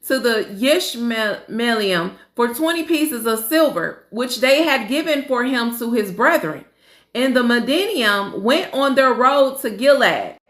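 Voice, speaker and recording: Woman, high voice, slow careful reading, echoey room. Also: lively intonation, fairly bright tone. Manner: slow reading, stumbling over names, casual asides. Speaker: Bible study reader. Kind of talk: reading scripture aloud with commentary.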